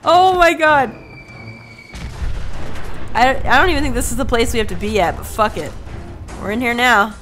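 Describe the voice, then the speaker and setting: A woman streaming a video game, chatting casually with viewers, sarcastic and profane, often breaking into loud laughter. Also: on the high side, quick pace, faint music behind. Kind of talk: casual let's-play commentary.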